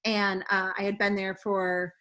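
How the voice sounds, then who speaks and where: A woman hosting a casual travel chat, halting and full of ums and uhs. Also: medium pitch, little pitch movement, pushed and bright. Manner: halting, many "um" and "uh". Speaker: host.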